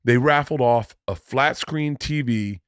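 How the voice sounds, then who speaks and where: A middle-aged man hosting a podcast, telling stories in a loose, profane, animated way and acting out the people in them. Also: medium pitch, unhurried, clean tone, dry recording, clean studio sound. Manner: profane, animated, acts out other people in the story. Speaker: podcast host. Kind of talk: casual comedic storytelling.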